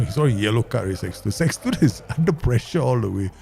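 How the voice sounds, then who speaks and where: A man with a Southeast Asian English accent commentating live on his management game, chatty and quick to laugh as he talks to his viewers. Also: medium pitch, animated, creaky, mellow. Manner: chatty, laughs easily, talks to himself and chat. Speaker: game streamer.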